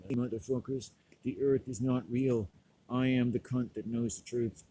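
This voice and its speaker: A man's voice: mid-range voice, fairly even intonation, moderate pace, mellow, a little hiss or hum, natural voice, poor audio. A man mimicking himself as a crude, exaggerated ranter. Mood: mocking. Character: mocking imitation of himself, ranting man.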